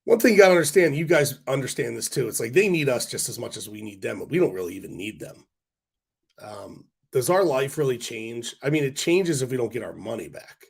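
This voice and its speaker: A man ranting to his livestream viewers in a loose, rambling way, blunt and quick to swear. His voice is worn out and congested, as if he is losing it, and he is in mid-range pitch. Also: big pitch swings, vocal fry, breathy edge. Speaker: stock market livestream host. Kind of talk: casual livestream rant to viewers.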